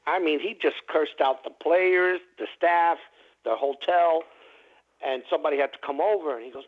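A man's voice: on the high side, moderate pace. A man calling into a radio talk show, telling a long story in a rambling, chatty way with many fillers. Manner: rambling, chatty, full of "you know" fillers. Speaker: caller. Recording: tinny phone line.

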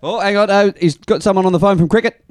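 A man's voice: high voice, fast talker, a little mellow, clean tone, no room sound, studio quality. A man co-hosting a radio show, wisecracking and self-mocking in casual banter. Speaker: radio co-host.

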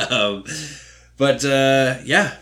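A man's voice: medium pitch, drawn-out words, a bit bright. A man co-hosting a podcast, chatting casually and rambling with lots of fillers as he retells a show. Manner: rambling, filler-heavy retelling with playful quoted voices. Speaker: podcast co-host. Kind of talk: casual chat.

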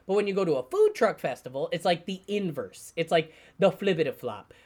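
A man's voice: fairly high pitch, a little fast. A man from New York co-hosting a podcast, chatting casually and arguing his point with emphatic repetition. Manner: animated, argumentative, repeats words for emphasis. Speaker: podcast co-host. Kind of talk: casual chat.

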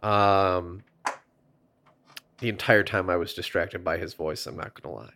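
Man, podcast co-host, casual chat, wry, sarcastic, lowish voice. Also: fairly even intonation, measured pace, vocal fry, pushed and bright, slight background noise.

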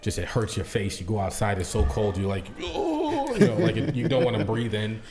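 A man with a somewhat low voice talks in a relaxed, unhurried podcast conversation. He rambles a little and restarts his sentences as he thinks. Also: a loud crowd. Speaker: podcast guest or co-host. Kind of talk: casual podcast chat.

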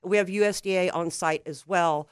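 A woman talks as a guest on a radio show, her voice smooth and resonant. She explains things in a friendly, steady sales manner. The studio sound is dry and close. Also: fairly low pitch, normal speed, no room sound. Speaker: guest, sausage company sales consultant.

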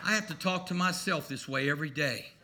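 A man's voice: on the high side, brisk, bright, forceful tone, some chatter behind, a little hiss or hum. A man preaching a sermon to his congregation in a folksy, emphatic way, mixing humor into his message. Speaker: pastor. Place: church before a congregation.

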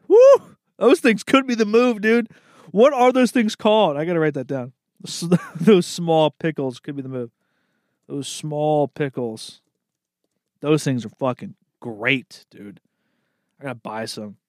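Young male comic host, higher-pitched, dry and close; loose, profane monologue, keeps saying dude. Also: darkish tone, no room sound. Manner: profane, rambling, calls everyone dude, laughs at own jokes. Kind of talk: comedic solo riffing.

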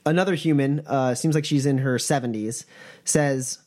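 A man narrating as game master of a tabletop game, with relaxed delivery and many fillers. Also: medium pitch, normal speed.

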